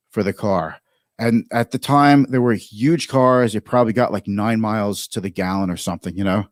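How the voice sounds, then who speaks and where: A man's voice: mid-range voice, darkish tone, no room sound. Chatty man in his fifties, dry sound. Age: 50s. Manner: chatty, reads viewer comments aloud, halting restarts. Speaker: livestream market commentator. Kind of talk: casual livestream commentary.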